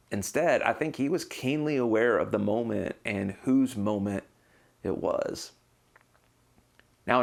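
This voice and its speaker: A man's voice: fairly low pitch, creaky. A man pastor preaching a sermon, earnest and explanatory, now and then acting out quotes.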